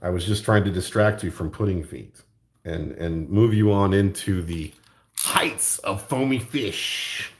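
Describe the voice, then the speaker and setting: A man's voice: low-pitched, moderate pace, darkish tone. A middle-aged man hosting his own channel, rambling jokily in casual chat and laughing often. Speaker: YouTube art channel host.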